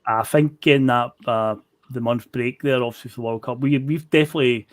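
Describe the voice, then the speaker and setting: A man's voice: medium pitch, fairly even intonation, a little fast, no room sound. Blunt man, dry close sound. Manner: emphatic, blunt, swears. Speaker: podcast co-host. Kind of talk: casual football chat.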